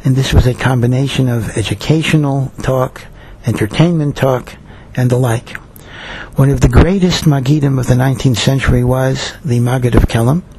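A man delivers a storytelling sermon with a gravelly, creaky edge and a somewhat husky tone. He speaks earnestly and draws out key lines slowly for emphasis. His pitch sits in an ordinary middle range. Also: dark tone, poor audio. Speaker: rabbi giving a Torah talk.

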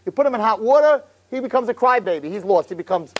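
A man teaching a religious class, telling a story in an animated, conversational way. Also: sits high, fast. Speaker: Torah teacher.

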